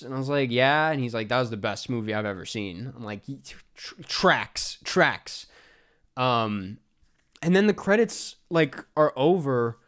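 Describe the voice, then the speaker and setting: A young man hosting a stream, telling a funny anecdote in casual chat, animated and exasperated, laughing between lines. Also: medium pitch. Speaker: streamer host.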